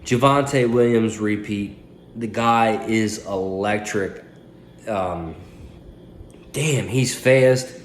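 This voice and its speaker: Talking very slowly and pausing often, a late-twenties fantasy football league commentator trash-talks his way through a casual, foul-mouthed weekly recap into a phone set up indoors. His pitch is fairly low, and the sound is reverberant with a little hiss or hum.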